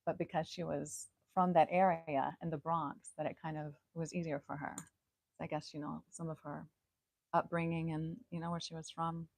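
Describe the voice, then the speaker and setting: A woman hosting a live stream in a casual, chatty way, giggling often and throwing in loud, swearing asides. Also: low-pitched, flat delivery, normal speed, gravelly, no room sound, poor audio. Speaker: host.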